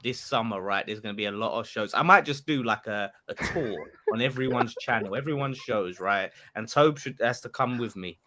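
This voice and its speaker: A man chatting casually on a football podcast over a call, animated and teasing. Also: medium pitch, moderate pace, hardly any pauses, slight background noise. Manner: animated, teasing, boastful banter. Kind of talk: casual chat.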